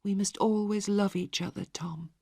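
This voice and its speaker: A woman voicing a young girl, a loving daughter, with high pleading cries. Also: fairly even intonation, moderate pace, creaky, a little mellow, husky. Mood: tender.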